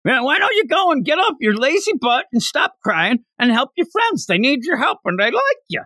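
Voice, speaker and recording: A tiny, bossy messenger bird scolds in a squeaky, chirping voice, as a man puts it on. The voice jumps very high and darts around, and it is close and dry. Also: sing-song, normal speed, bright, forceful tone, no echo, full character voice. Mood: nagging.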